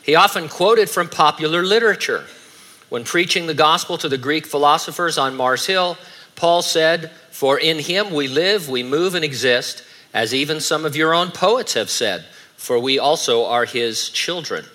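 Male pastor, middle-aged, conversational sermon, bright tone, dry wit. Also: fairly high pitch, lively intonation, moderate pace. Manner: conversational preaching with dry asides.

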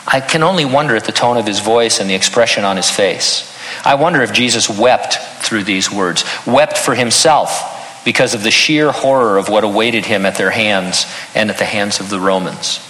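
A man's voice: on the low side, bright, forceful tone, echoey room, in a large hall, low-quality recording. An older man preaching a sermon as pastor, earnest with touches of self-deprecating humor.

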